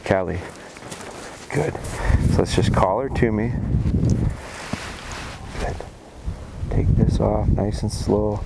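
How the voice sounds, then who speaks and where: A man's voice: slow pace, vocal fry, long pauses, very noisy. Man explaining dog training outdoors. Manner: calls dogs in a high excited voice, then explains calmly. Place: outdoors in snowy field.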